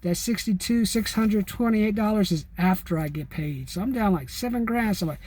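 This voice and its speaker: A man with a high voice chats casually to his viewers. He rambles and restarts, tacking "man" onto his sentences and keeping the talk loose and animated. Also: moderate pace, few pauses, dry recording. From California. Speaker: vlogger. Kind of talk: casual chat to camera.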